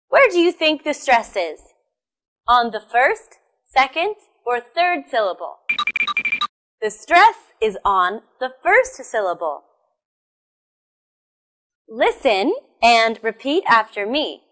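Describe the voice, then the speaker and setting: A young woman teaching English pronunciation, speaking slowly and carefully as in a classroom. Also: a little high. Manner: slow, careful classroom enunciation. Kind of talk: recorded pronunciation lesson. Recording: soft music behind.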